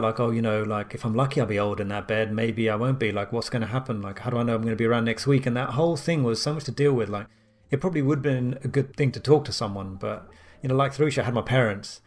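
A man co-hosting a casual podcast chat, a doctor who rambles quickly with many fillers. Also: medium pitch, faint music behind.

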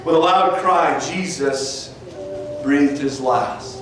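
A man preaching a sermon and reading scripture aloud, his voice climbing high and loud for the mockers and dropping low and quiet for the somber moments. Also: slow. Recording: distant mic in a very echoey room with faint noise.

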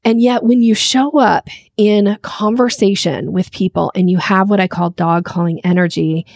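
A woman's voice: mid-range voice, fairly even intonation, moderate pace, gravelly, darkish tone, dry recording, clean studio sound. A woman coaching on sales in a podcast interview, talking conversationally and acting out little scenes in other voices. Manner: conversational, uses "frankly" and "like" often.

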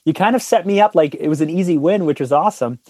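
A man's voice: a little high, fast talker, warm tone, no room sound. A man who is a guest on a podcast, chatting in a friendly, teasing way. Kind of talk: casual conversation.

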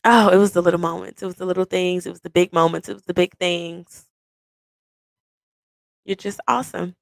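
A woman speaks into a close mic, telling a love story to her partner like a personal podcast. She is animated and playful, and she acts out the voices in her story. The sound is dry and intimate, with no room echo. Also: on the low side, fairly quick, vocal fry. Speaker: podcast host.

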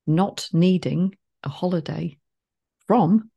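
Teasing podcast co-host, raspy and gravelly, relaxed tone. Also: mid-range voice, slow pace, muffled recording. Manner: teasing, playful. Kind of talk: casual chat.

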